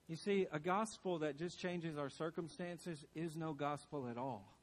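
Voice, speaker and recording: A man's voice: a little high, moderate pace, few pauses. A man preaching a sermon to his congregation in a church, earnest and emphatic, driving his points home by repeating key phrases. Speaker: pastor.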